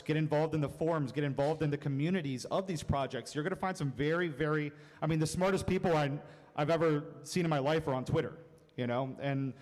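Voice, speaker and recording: A man on a panel talks in a loose, rambling way, full of optimism and restarts. His voice is a touch high, and long hall reverb follows his words. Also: darkish tone. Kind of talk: panel discussion.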